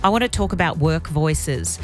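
A woman's voice: low voice, animated, moderate pace, faint music behind. A middle-aged woman with a broad Australian accent, chatting casually as a radio host and laughing at herself. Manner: chatty, laughs often, self-mocking.

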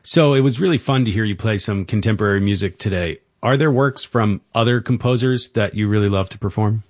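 Male interviewer, low voice, upbeat and encouraging, dry studio sound. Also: fairly quick, dry recording. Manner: enthusiastic, encouraging. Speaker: interview host. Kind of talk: interview hosting.

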